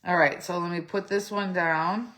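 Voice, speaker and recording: A woman's voice: lowish voice, fairly even intonation, moderate pace, fairly bright tone, a little hiss or hum. A middle-aged woman talking through a craft project step by step, chatty, thinking aloud and correcting herself, with a slightly phlegmy throat. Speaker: craft demonstrator. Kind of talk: casual step-by-step craft tutorial.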